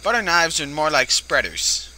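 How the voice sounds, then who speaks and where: Man, let's play commentary, very bright tense voice, lively swooping pitch, jokey and jumpy, swears. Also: moderate pace, poor audio. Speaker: gaming video host.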